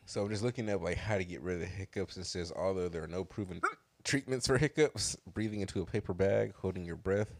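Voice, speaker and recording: Podcast co-host, man, lowish voice, lively and fast, bothered by hiccups. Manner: quick, animated, laughing often. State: has the hiccups. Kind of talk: casual podcast banter.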